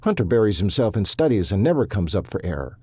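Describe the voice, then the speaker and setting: A torn, impulsive rancher father pours out his regrets in an earnest, anguished way, voiced by a male narrator. The voice is low, husky and warm. It sounds close and dry, in a storybook reading. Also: big pitch swings, fast talker, no echo, exaggerated voice.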